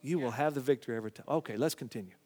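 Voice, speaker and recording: A man's voice: medium pitch, very fast, breathy edge. Folksy man preaching in a reverberant hall. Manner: folksy storytelling, drops to a hushed voice. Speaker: Bible teacher. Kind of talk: preaching Bible study.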